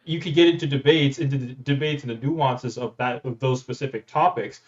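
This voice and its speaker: A man's voice: mid-range voice, steady tone, fairly quick, lo-fi sound. A man on a debate panel arguing in casual talk, teasing and swearing freely.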